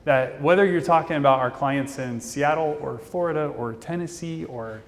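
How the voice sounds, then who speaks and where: Man, conference speaker, fast and jokey, slightly high voice, reverberant hall. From Indianapolis, Indiana, US. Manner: talks fast, casual and jokey. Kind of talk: keynote presentation.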